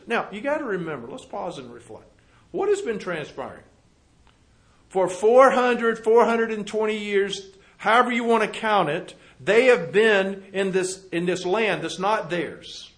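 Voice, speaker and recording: A man preaching a sermon, reading scripture aloud and explaining it, with rhetorical questions and sudden drops to a quiet, low voice. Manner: swings from loud emphatic reading to low quiet asides.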